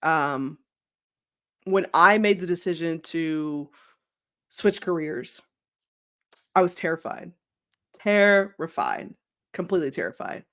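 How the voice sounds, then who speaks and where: A woman working as a sports journalist, speaking as a guest in a casual interview over a video call. She is candid and talkative and laughs easily. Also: low-pitched.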